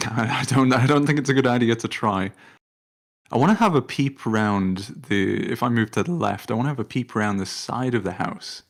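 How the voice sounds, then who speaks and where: A man's voice: medium pitch, normal speed. Man, tabletop player, casual, hesitant, chuckling.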